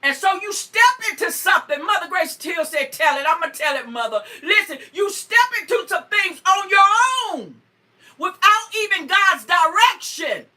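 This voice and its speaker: High-pitched fervent woman preacher, whooping. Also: expressive, normal speed, recorded from a distance. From North Carolina. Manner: fervent preaching, frequent whoops and shouts, greets viewers by name. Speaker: preacher on a morning show. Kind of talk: sermon.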